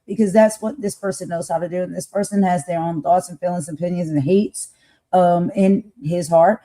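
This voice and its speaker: A woman's voice: mid-range voice, dark tone, low-quality recording. A woman co-hosting a political talk show, speaking in a conversational, slangy and emphatic way. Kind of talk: casual political commentary.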